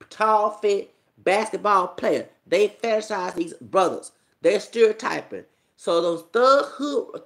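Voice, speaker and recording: A man's voice: high voice, fairly bright tone. Man, vlog rant, rambling, cussing, repetitive, filler-heavy. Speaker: YouTube commentator. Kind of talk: ranting commentary vlog.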